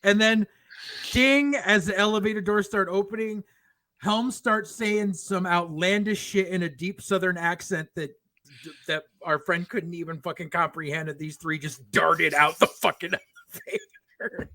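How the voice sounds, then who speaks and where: A man's voice: high-pitched, fairly even intonation, a little slow, bright, forceful tone, no echo. A middle-aged man co-hosting a podcast, telling long rambling stories full of profanity, slipping into voices for the people he quotes. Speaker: podcast co-host. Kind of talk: casual storytelling chat.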